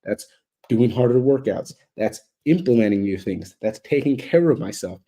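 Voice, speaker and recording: A man's voice: medium pitch, animated, moderate pace, dark tone. Blunt, profane man giving motivational talk. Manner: blunt, heavily profane, preachy; repetitive emphatic buildup. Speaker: motivational speaker. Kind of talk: unscripted motivational monologue.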